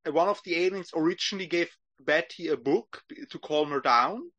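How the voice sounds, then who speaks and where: Man, podcast co-host, casual chat, bright tense tone, slightly high. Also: normal speed, no echo, lo-fi sound.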